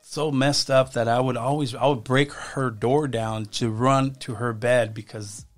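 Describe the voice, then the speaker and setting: A man speaking as a podcast guest, telling his life story in a halting way and often repeating his words. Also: mid-range voice, fairly even intonation. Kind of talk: personal testimony in casual conversation.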